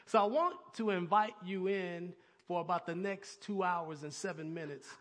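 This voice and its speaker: A pastor preaching a sermon, calling on the congregation to answer and building to excited peaks. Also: male voice, high voice, normal speed. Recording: long hall reverb.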